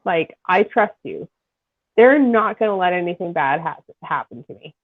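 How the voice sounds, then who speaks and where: A woman hosting an interview, chatty and eager, often answering with a quick yeah. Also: on the low side, lively intonation. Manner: chatty, eager, frequent back-channel yeahs. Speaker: interview host. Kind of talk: casual livestream interview. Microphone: video call. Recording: thin phone-like audio.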